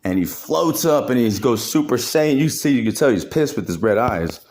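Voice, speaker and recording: Animated man riffing, laughing through it. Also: medium pitch, moderate pace. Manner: animated, laughing, full of slang and swearing. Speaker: comedic narrator. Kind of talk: casual comedic voiceover.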